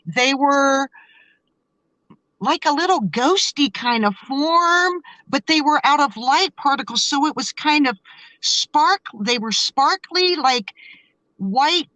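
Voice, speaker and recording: A woman guest telling a story in a casual interview, animated and excitable, often restarting and stammering. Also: sits high, slow, dry recording, low-quality recording.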